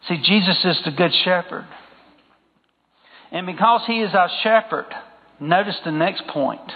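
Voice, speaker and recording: A man's voice: high voice, a little slow, pauses often. A man preaching a sermon in an emphatic style, repeating phrases and putting questions to the congregation. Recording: phone-like sound with long hall reverb.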